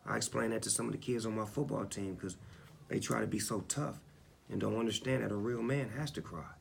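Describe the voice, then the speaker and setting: A man's voice: fairly low pitch, fairly quick, gravelly, a little hiss or hum. A man in his forties talking candidly in an interview, laid-back and reflective, often checking in with "you know what I'm saying". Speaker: interviewed rapper.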